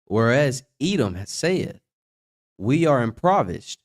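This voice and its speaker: A man reading Bible verses aloud slowly and deliberately, adding short agreements between passages. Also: medium pitch, very animated. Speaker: scripture reader.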